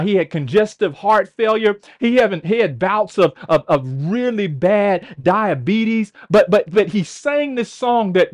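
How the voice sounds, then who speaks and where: High-voiced man preaching a sermon. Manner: repeats and stammers words, asks the congregation to respond. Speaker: pastor. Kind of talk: online sermon.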